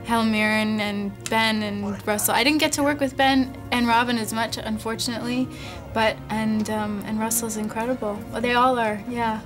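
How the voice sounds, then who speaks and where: A woman, an actress in an interview, gushing warmly about her co-stars. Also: on the high side, fairly even intonation, moderate pace, over music. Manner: gushing, effusive. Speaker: actress promoting a film. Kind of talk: casual interview chat.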